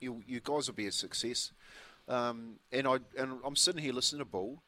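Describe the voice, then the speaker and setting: A man's voice: mid-range voice, fairly quick, pushed and bright. A New Zealand man in his fifties, a breakfast radio co-host telling a rambling story with restarts in casual chat. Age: 50s.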